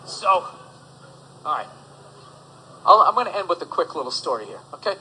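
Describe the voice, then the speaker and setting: A man's voice: on the high side, big pitch swings, normal speed, bright, forceful tone, slight background noise, poor audio. A man doing a stand-up routine, ranting with profanity and sarcasm. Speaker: stand-up comedian.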